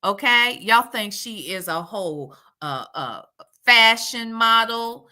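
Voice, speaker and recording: A woman hosting a casual livestream, chatting and talking straight to her viewers in a sassy, lively way. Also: takes it slowly, smooth. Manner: lively with loud jumps in pitch. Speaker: YouTube commentary host. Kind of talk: casual livestream commentary, reading the chat.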